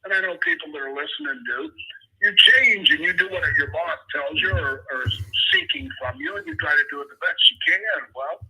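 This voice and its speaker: A man's voice: high-pitched, brisk, vocal fry, heavy background noise. An older man, a podcast guest, telling career stories in casual chat and acting out the people he quotes. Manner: animated storyteller who acts out quoted people; talks directly to the host. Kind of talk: casual interview storytelling.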